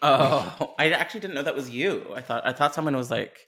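Podcast co-host, mid pitch, lively self-mocking banter, casual chat. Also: a little fast, husky.

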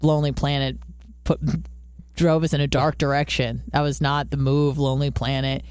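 Woman rambling thru stories, curses a lot, squeaks up into silly quote voices, smooth voice. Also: moderate pace, dry recording. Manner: lively storyteller, swears freely, jumps into high-pitched quoted voices. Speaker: podcast co-host. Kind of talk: casual chat.

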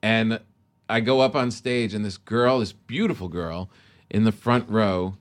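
Animated storytelling man, guest comedian. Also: on the low side, measured pace. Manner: animated storyteller, laughs often. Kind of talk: casual podcast chat.

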